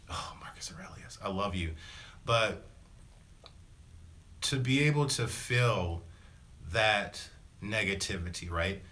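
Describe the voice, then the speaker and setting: A man who makes spiritual self-help vlogs talks casually to the camera in a deep, bright, forceful voice. His motivational talk rambles, full of slang fillers, and he acts out little voices for his examples.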